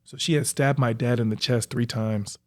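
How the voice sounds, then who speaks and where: A young man, a professional athlete, reflectively recounting his own life story in a halting way, with frequent fillers. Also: medium pitch, steady tone. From United States. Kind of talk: personal storytelling.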